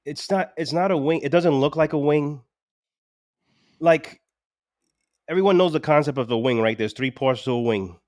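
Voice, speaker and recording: A man's voice: a little high, moderate pace, long pauses, darkish tone, no echo, studio quality. A man with a New York accent co-hosting a casual sports podcast, griping bluntly and repeating his points. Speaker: podcast co-host.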